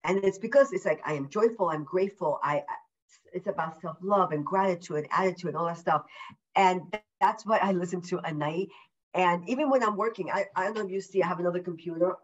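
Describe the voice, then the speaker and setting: An upbeat woman guesting on a podcast, bubbly and emphatic, doubling up her words. She keeps her pace slower than her usual rush, and her voice sits fairly low. The remote call sounds a little muffled and lo-fi. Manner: deliberately slowed speech. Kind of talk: casual interview chat. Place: at home.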